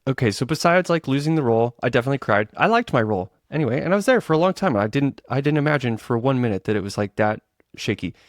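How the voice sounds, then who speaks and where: A middle-aged man co-hosting a podcast in casual chat, telling stories and acting out quoted lines with big jumps in pitch. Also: lively intonation, racing, no echo, clean studio sound. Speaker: guest co-host, web developer.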